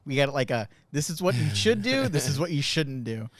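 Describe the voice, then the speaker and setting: A co-host on a casual comedy podcast chimes in with short reactions and frequent laughter. The pitch moves a lot, with a middling center. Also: big pitch swings, dry recording. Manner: laughs often, quick reactive comments.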